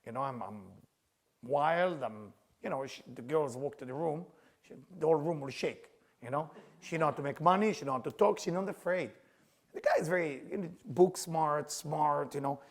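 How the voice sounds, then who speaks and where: Gravelly husky male spiritual teacher. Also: on the high side, normal speed. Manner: animated storyteller, non-native English with dropped grammar. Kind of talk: teaching talk with personal stories.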